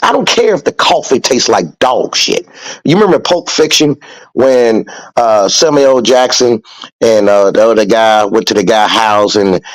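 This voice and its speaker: Lively in intonation but a little slow, a man with a lower voice hosts a podcast on a dry, poor-quality recording. He gives casual motivational talk, preaching, swearing a lot, and repeating his points for emphasis.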